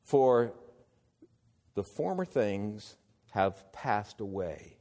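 A man preaching a sermon, slow and measured, building to emphatic exclamations. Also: lowish voice, animated, darkish tone, big-room sound.

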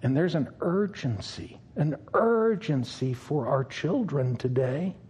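An older man, a pastor, preaching an earnest sermon with long pauses and a pleading tone. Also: a little high, expressive, darkish tone, slightly rough.

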